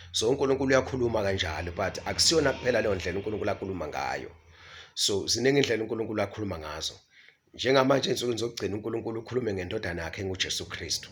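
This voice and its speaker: Halting man preaching. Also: fairly low pitch, fairly bright tone. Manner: halting, repeats syllables, mixes in English words. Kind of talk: Bible teaching talk.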